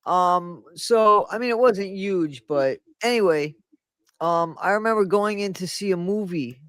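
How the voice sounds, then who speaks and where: A man in his sixties tells memories in a candid conversation, emphatic and casually profane. His voice sits a bit high. The sound is dry, with little room echo. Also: measured pace, fairly bright tone, smooth. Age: 60s. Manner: emphatic, interrupts, swears casually. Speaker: podcast co-host.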